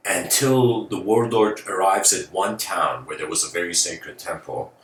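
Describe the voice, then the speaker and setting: A man with a deep, unhurried voice gives a philosophical lecture, telling a story casually and ramblingly, full of fillers like "you know." A distant mic catches a roomy sound with faint noise.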